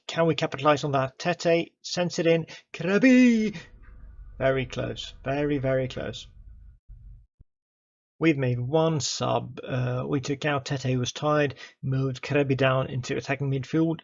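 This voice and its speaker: In a slightly dull, muffled recording, a man with a middle-pitched voice calls the action of a football management game as a gaming YouTuber. His play-by-play is excitable and chatty, and he addresses his players and the referee directly.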